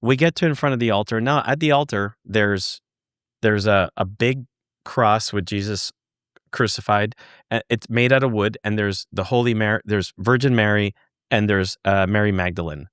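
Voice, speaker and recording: A man as a podcast guest, telling a long personal anecdote in a casual, animated way and acting out the dialogue. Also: fairly low pitch, moderate pace, smooth, no echo, clean studio sound. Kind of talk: casual storytelling.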